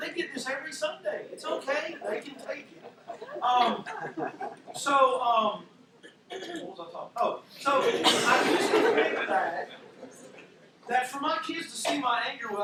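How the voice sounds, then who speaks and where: A man preaching a sermon as pastor, conversational with self-deprecating asides. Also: very high voice. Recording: echoey hall from far off, faint noise.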